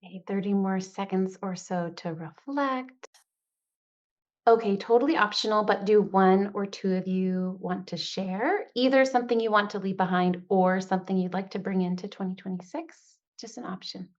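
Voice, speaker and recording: A woman's voice: medium pitch, dull audio. A woman coach leading a group call in a casual, upbeat way, acting out little quotes as she talks. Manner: upbeat, talks in quick bursts, acts out quotes. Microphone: video call.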